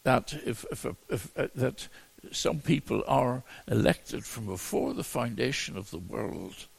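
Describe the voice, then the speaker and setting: Slow, gravelly man preaching. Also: medium pitch, lively intonation. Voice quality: gravelly, husky voice. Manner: halting delivery with frequent repeated words and restarts. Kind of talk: expository Bible teaching.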